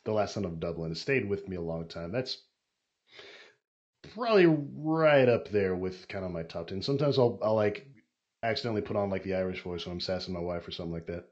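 A man's voice: sits low, lively intonation, brisk, a little mellow. A man guest on a podcast, chatting casually and rambling with plenty of fillers. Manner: rambling, filler-heavy, wry. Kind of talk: casual chat. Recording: dull lo-fi podcast audio.

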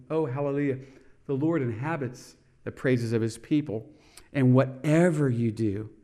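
A man's voice: on the high side, mellow. Fervent man preaching a TV sermon. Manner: fervent, exclaims hallelujah, stresses words. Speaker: preacher and program host. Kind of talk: televised sermon.

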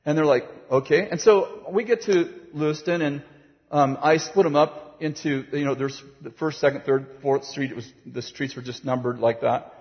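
Animated male preacher in a reverberant hall. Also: on the high side, normal speed. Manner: animated, acts out voices, laughs while telling. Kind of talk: sermon storytelling. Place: large hall with a platform. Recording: dull, reverberant hall sound.

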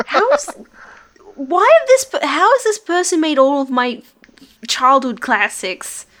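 A woman co-hosting a casual podcast in a high voice. She talks slowly and giggles often between remarks. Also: sing-song, fairly bright tone. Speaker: podcast co-host.

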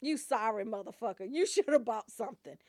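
A high-pitched, wildly swooping woman rants through a comedy routine, loud and profane and laughing at her own jokes. The recording is close and dry. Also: fairly quick, no room sound. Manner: loud, animated, swearing freely, laughing often.

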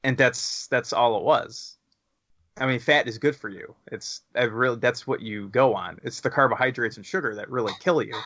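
A man's voice: mid-range voice, normal speed, sharp tone, no echo. A man chatting casually, rambling with many restarts and laughing along. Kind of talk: casual chat. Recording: dull, dry and lo-fi.

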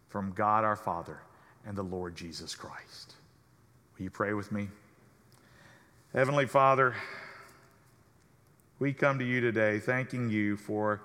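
Male pastor, sermon, bright and slightly high, measured cadence, long church reverb. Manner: measured preaching cadence, drops soft at phrase ends.

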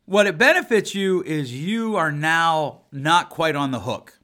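A man's voice: a little high, lively intonation, measured pace, pushed and bright. A man in his forties, a family therapist, talking in a casual, emphatic and blunt way. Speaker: family therapist and podcast host. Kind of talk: casual podcast talk.

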